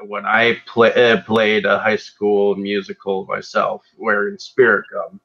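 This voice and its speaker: A man hosting an interview, asking questions haltingly with many fillers. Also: fairly low pitch, completely flat delivery, fairly bright tone. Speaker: interviewer host. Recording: dull lo-fi mic.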